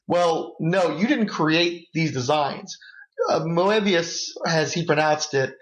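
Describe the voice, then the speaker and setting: A man's voice: on the high side, slow pace. A man co-hosting a podcast, ranting profanely in casual film discussion. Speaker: podcast co-host. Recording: dull lo-fi mixer recording.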